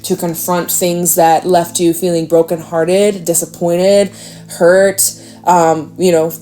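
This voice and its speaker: A woman giving a casual, chatty tarot reading, animated and talkative, now and then jumping into a high acting voice. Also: a little hiss or hum. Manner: chatty, animated, slips into squealy acted quotes. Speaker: tarot reader.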